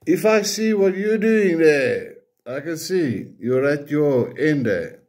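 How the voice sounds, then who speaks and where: A man's voice: a little high, animated, slow, darkish tone. Angry South African man ranting. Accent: South African, Afrikaans-speaking. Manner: blunt, profane, repeats points with rhetorical questions. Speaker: political commentator. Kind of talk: angry political rant to camera.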